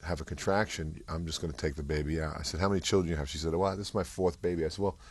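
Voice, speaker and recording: An older man with a deep, low voice. He talks fast in a halting, rambling way, full of fillers and restarts. The sound is dry and close. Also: fairly even intonation, breathy edge, no room sound. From New York area. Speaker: guest. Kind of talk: casual storytelling interview.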